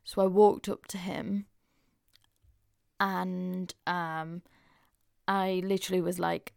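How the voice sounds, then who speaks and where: A woman's voice: fairly low pitch, little pitch movement, takes it slowly, creaky, long pauses, darkish tone, clean tone, no echo, studio quality. A young woman hosting a podcast, chatting frankly and openly with lots of casual fillers. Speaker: podcast host. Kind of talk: casual confessional chat.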